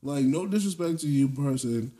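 A man with a mellow, dark tone, chatting casually with friends. He tells stories in an animated, rambling way, restarting his sentences as he goes. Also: a little high, normal speed. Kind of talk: casual chat.

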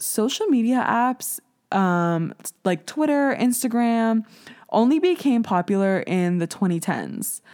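A woman's voice: medium pitch, darkish tone. A woman in her twenties hosting a casual solo podcast, talking candidly with lots of "like" fillers, some swearing, and jokes at her own expense. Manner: self-mocking, laughs at herself. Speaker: podcast host.

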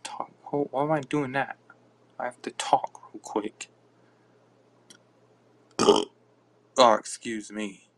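A man hosting a podcast, chatting casually and offhandedly in a halting, mumbling way. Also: mid-range voice. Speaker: podcast host. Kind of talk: casual live-stream chatter.

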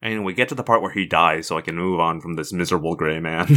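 A man's voice: deep voice, quick pace, sharp tone. A man co-hosting a casual comics podcast who makes dry, sarcastic jokes. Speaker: podcast co-host.

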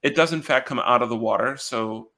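Podcast co-host, male, gravelly, hesitant and halting delivery. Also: mid-range voice, sharp tone. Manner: hesitant, many ums. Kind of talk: casual chat.

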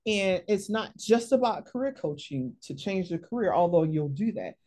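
Warm-voiced woman career coach. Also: medium pitch, moderate pace. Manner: lively, emphatic, frequent tag questions. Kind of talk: conversational interview, storytelling.

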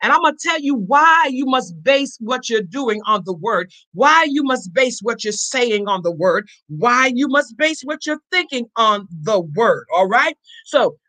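A woman preaching a fervent sermon, calling out to her congregation for response and rising into shouts. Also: fairly high pitch, expressive, unhurried, hardly any pauses, low-quality recording. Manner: call-and-response exhortation to congregation.

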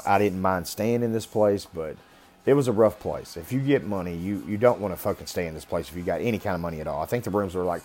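Blunt, low-voiced man telling a story. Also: a little mellow. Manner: blunt, heavy swearing, rambling; talks about being raised rough. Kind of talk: casual personal storytelling.

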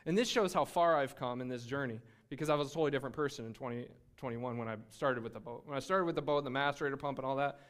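A man giving a sermon-style faith testimony, telling his story in an animated way with laughter and frequent restarts. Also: medium pitch, racing, hardly any pauses. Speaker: speaker sharing a faith testimony.

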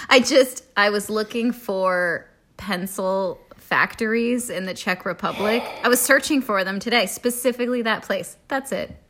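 A woman co-hosting a podcast, chatting casually with quick, giggly asides. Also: mid-range voice, a bit bright. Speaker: podcast co-host. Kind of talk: casual chat.

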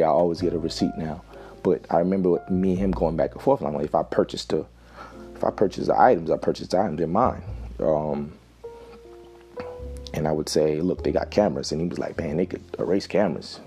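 A man in his thirties, hosting and telling a personal story in a reflective, halting way with frequent restarts. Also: a bass voice, creaky, mellow. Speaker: host.

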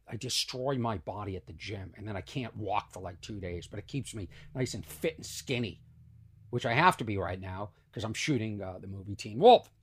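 Gravelly, lively man telling rambling stories. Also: medium pitch. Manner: rambling storyteller, self-mocking brags, animated bursts. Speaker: podcast host and comedian. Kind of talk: casual solo podcast monologue.

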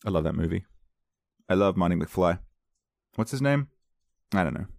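A man's voice: sits low, lively intonation, normal speed, creaky, darkish tone, no room sound, clean studio sound. A man chatting casually to his viewers, rambling through a story, repeating words and laughing easily. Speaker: vlogger.

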